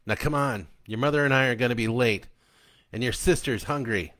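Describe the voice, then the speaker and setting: A man reading a story aloud and voicing a bullying, foul-mouthed stepdad who shouts and spits his words. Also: medium pitch, a little fast, lightly acted. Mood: snarling.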